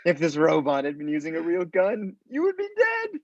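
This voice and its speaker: Reader voicing a toy security robot, smug, announcer-like, dry dull recording. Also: male voice, huge pitch swings, normal speed, dry recording. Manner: stiff announcer-like sales pitch.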